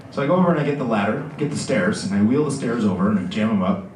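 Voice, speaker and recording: A man on a convention panel telling a comic anecdote, animated and laughing as he goes. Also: on the low side, rapid-fire, slight background noise. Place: large convention hall. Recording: echoey convention hall from far off with crowd. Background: crowd audience.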